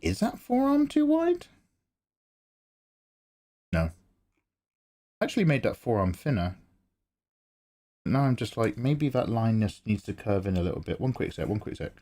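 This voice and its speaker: A man's voice: lowish voice, expressive, normal speed, pauses often, mellow. A man chatting casually on a live drawing stream, joking and self-mocking. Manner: joking, laughs between lines, self-mocking.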